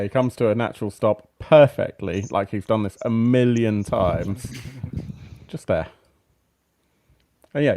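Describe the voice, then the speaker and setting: A male game master narrates a dark fantasy tabletop session over a live stream. His voice sits mid-range, and he lays out the action vividly, often laughing with the players. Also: medium pitch. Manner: animated scene-setting with laughs.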